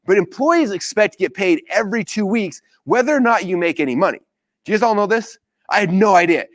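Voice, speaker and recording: Man, 30s, upbeat live trainer, rapid delivery, slightly high voice, dry close sound. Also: no echo. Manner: energetic storytelling, acting out quoted dialogue. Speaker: business coach.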